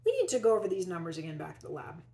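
A self-important storybook doctor, announcing his guesses with firm authority, as a woman reading aloud puts him on. The delivery is slightly louder than the reader's own, with a gravelly edge. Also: on the low side, lively intonation, rapid-fire. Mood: brisk.

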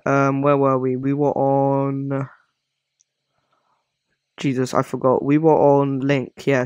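A man talking casually at a mid-range pitch, rambling and apologizing often as he works through his commentary. The recording is dry and close, with no room echo. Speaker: gaming video creator. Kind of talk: casual commentary on a character ranking.

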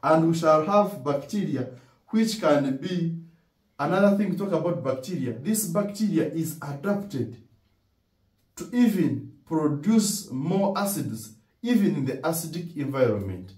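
A man with a Ugandan English accent lectures in a slow, mellow voice, often posing questions and answering them himself. His pitch sits a little on the high side. He is recorded from a distance in an echoey room. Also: lively intonation. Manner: repeats key words with emphasis. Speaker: dental lecturer. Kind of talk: classroom lecture. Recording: roomy echo, distant from mic.

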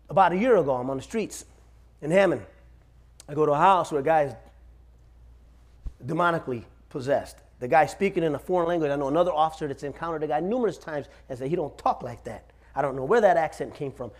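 Lively high-pitched preacher man in his forties. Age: 40s. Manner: storytelling with humor, calls out "Amen?" to the room. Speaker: pastor. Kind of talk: sermon. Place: church sanctuary.

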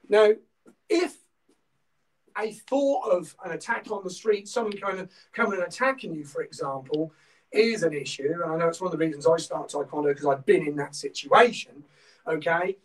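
A man's voice: high voice, expressive, moderate pace, distant mic, low-quality recording. Norfolk man teaching a martial arts class. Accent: Norfolk English. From England. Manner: instructive, peppers talk with "okay?"; shouts counts during drills.

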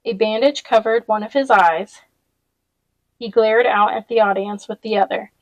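A woman's voice: medium pitch, steady tone, normal speed, dry recording, highs cut off. A woman reading a novel aloud chapter by chapter, with casual personal asides along the way. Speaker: audiobook reader.

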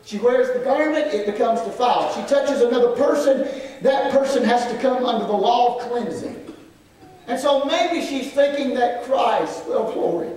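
A man preaching a sermon, building to emphatic shouts and dropping to quiet asides, with cries of "well, glory". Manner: emphatic preaching that swells into shouts, then drops low. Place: church sanctuary. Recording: echoey sanctuary, far from the mic, congregation audible. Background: congregation calling out amens.

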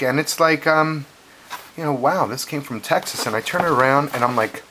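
A man vlogging casually at home, telling a rambling, excitable story to his viewers with plenty of fillers and asides. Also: fairly high pitch, moderate pace. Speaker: unboxing vlogger. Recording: noisy home video recording.

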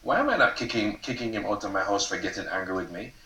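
A man with a lowish voice reads his own novel to a live audience, lively and loose, not shy about the swearing. He sounds roomy and set back from the mic, as if in a hall. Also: fast, far from the mic. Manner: expressive, casual, swears and laughs at his own text. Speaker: author reading his novel. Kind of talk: reading aloud at a live event. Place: event stage before an audience.

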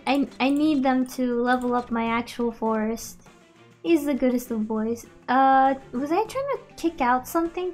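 A young woman streaming a game, chatting playfully with frequent laughs and switching between two languages. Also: high voice. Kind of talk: casual chat.

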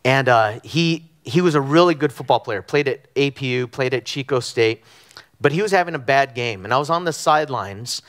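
A middle-aged man from Southern California preaching a conversational sermon, telling animated stories with frequent ums and restarts. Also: medium pitch, moderate pace. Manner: animated storytelling with frequent fillers. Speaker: pastor. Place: church sanctuary.

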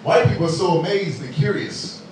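A man's voice: a little high, lively intonation, normal speed, darkish tone. A man doing a stand-up comedy set in a club, teasing and talking directly to the crowd. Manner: playful, teasing, talks to the crowd. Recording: echoey club, distant mic, crowd noise. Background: audience laughter.

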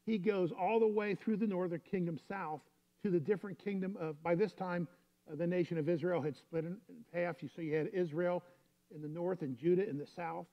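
A man's voice: high voice, steady tone, brisk. Lo-fi man preaching a sermon. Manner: storytelling, conversational preaching. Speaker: pastor.

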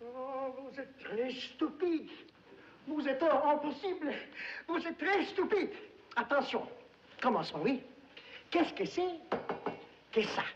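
Old film role: an exasperated, scolding mother, high voice, slow drawn-out delivery, dull soundtrack. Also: expressive, slight background noise. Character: haughty mother fussing over French lessons. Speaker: mother giving a French lesson. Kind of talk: 1930s film acting.

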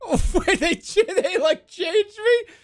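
Brief: male streamer, high and bouncy voice, excitable and swearing, casual game commentary. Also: takes it slowly, faint music behind. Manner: excitable, laughs often, swears.

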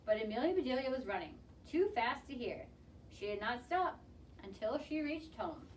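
A woman reads a children's picture book aloud, her fairly high voice bouncing widely from line to line. The delivery is expressive and lively. She sits a little away from the mic, with faint ambience behind her. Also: fairly quick, far from the mic, slight background noise, low-quality recording. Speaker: storybook reader.

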